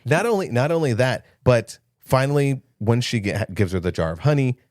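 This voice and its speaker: A man's voice: mid-range voice, expressive, moderate pace, a little mellow, no room sound, clean studio sound. A young man co-hosting a casual movie podcast, recapping scenes with jokes and quoted lines. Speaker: podcast co-host.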